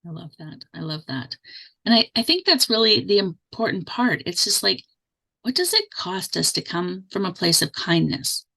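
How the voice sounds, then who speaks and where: A woman's voice: lowish voice, very animated, moderate pace, vocal fry, bright, forceful tone. A woman hosting an interview, reflecting on kindness and asking her guest open questions. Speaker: host. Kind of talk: casual interview chat.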